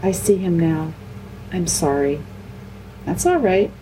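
A woman voicing a kind little girl queen who speaks in a gentle, earnest way. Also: lowish voice, big pitch swings, slow pace, a little hiss or hum, low-quality recording.

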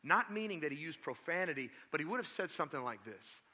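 A male pastor preaching a sermon, telling the story in a lively, conversational way with asides to the congregation. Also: on the high side, fast. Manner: animated storytelling, acts out quotes.

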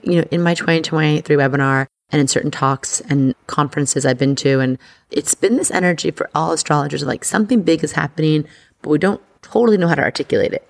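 A woman hosting an astrology podcast, talking in a chatty, excitable way full of "like". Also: low voice, vocal fry. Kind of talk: casual podcast monologue.

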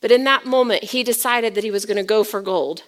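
A woman pastor preaching a dramatic sermon. She swings from loud emphasis to near whispers and puts rhetorical questions to the congregation. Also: mid-range voice, a little fast.

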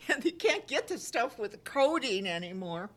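Woman with a cold, lively chatty storyteller. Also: fairly high pitch, normal speed. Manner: chatty storyteller, wry humor. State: coughing cold. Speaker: co-host. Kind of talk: casual chat.

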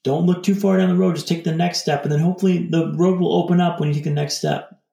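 A man with a slightly high, gravelly voice talks through a video call, his words bouncing around an echoey room. He rambles loosely and reflectively, stringing thoughts together with frequent fillers. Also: fairly even intonation, fast talker, dark tone. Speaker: podcast guest. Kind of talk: casual reflective storytelling.

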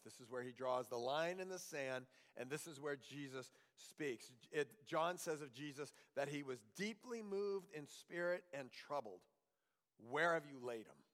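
A male pastor preaching a sermon earnestly, pressing rhetorical questions and dropping to a hushed reading voice. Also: mid-range voice. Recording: long hall reverb.

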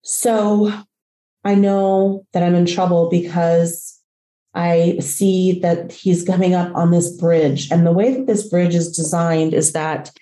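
A woman host telling a personal story in a dramatic, profane way, acting out the voices and shouts in what she tells. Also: on the low side, roomy sound. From Latina. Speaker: podcast host.

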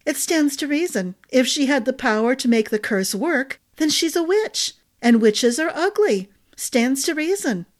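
A woman's voice: high-pitched, lively intonation, unhurried, hardly any pauses, voice pushed up. A woman voicing a gossipy, motherly head cook who talks with emphatic fondness.

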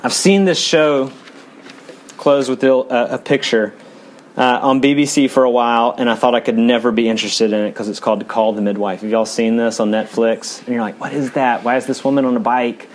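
In church, a male pastor delivers an earnest sermon, swinging between fast, emphatic runs and low, quiet stretches, with fairly even intonation overall.

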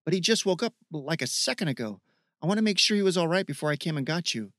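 A man's voice: fairly high pitch, expressive, fast talker, a bit bright, dry recording, studio quality, voice pushed up. A man reading an audiobook voices an easygoing young man who talks in casual, slangy banter with his friend. He lifts his voice somewhat for this role.

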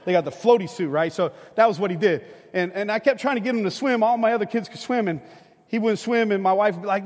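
A middle-aged male pastor with a notably high voice, preaching to his congregation. He slips into animated, conversational storytelling. His voice rings out with a long reverb in a large hall. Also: quick pace. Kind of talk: sermon.

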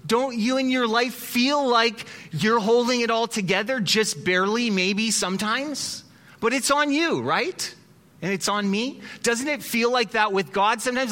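A male pastor preaching a sermon in an animated, conversational way with dramatic pauses. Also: very high-pitched.

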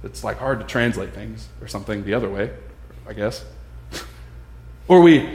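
A man's voice: lowish voice, normal speed. A man giving a casual, conversational sermon, acting out the voices of the people in his story. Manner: animated, acts out voices of others. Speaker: pastor. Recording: echoey room.

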